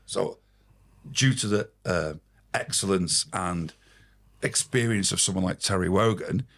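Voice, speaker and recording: Deep gravelly man telling stories. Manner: swearing, rambling, animated anecdotes. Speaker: podcast guest. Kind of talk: casual storytelling anecdote.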